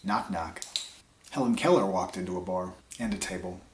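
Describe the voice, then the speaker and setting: A man reading jokes aloud in a deadpan way, trailing off quietly after each punchline, while sick with a dry cough. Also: low-pitched, normal speed, noisy background. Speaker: comedy vlogger. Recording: echoey room.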